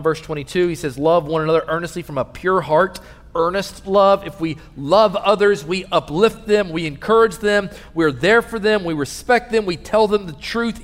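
A man preaching a sermon as pastor, telling stories earnestly and dropping soft and low in tender moments. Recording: long reverb of a large hall.

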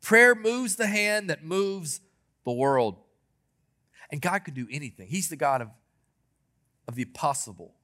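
A man preaching a sermon as a pastor, retelling scripture stories with earnest emphasis and dramatic pauses. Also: a little high, expressive, bright, forceful tone.

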